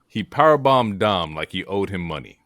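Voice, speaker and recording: Casting note: low, animated male podcast co-host, slangy jokes, dry close mic. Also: normal speed, no room sound. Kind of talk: casual chat recapping wrestling.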